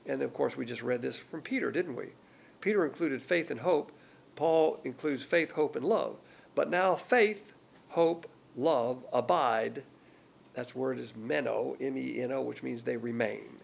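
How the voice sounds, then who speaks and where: An older man preaching a sermon, teaching in a folksy, emphatic way that jumps up in pitch on key words. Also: moderate pace, creaky, slightly rough. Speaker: pastor.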